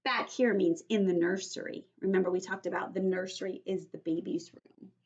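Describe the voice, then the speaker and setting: A woman's voice: fairly low pitch, fairly even intonation, gravelly, lo-fi sound. Patient woman teacher reading to children. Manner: patient, explains slowly and checks in with "right?". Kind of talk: read-aloud vocabulary lesson for young children.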